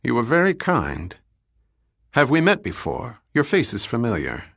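A man's voice: mid-range voice, huge pitch swings, a little slow, fairly bright tone, dry recording, clean studio sound, full character voice. A man voicing a cool, shrewd male detective who talks in a clipped, firm way. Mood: polite.

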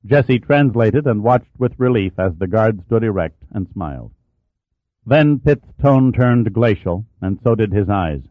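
A man narrates a story with a low, steady, measured voice. The sound is dry and narrow, like a phone line. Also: no echo. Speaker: audiobook narrator. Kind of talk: scripted narration.

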